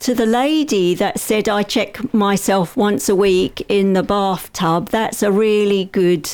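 A woman's voice: medium pitch, unhurried, darkish tone, smooth. A woman co-hosting a local radio show, chatting casually and laughing often. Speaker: radio co-host.

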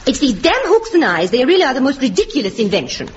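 An actress playing an excitable, dramatic young woman in a radio comedy, prone to melodramatic sobbing. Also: high voice, fast talker. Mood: coaxing. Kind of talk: 1950s radio comedy acting. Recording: muffled old broadcast with hiss.

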